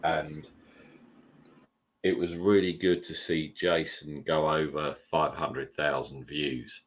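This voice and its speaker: A man's voice: very deep voice, level tone, slow pace. A man hosting a casual sports podcast, blunt and joking, swearing freely. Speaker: podcast host.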